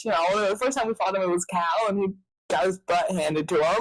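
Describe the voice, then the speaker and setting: Woman, podcast host, casual chat, rambling, excitable, mid pitch. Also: fast, dry recording, low-quality recording. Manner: rambling and excitable, full of fillers.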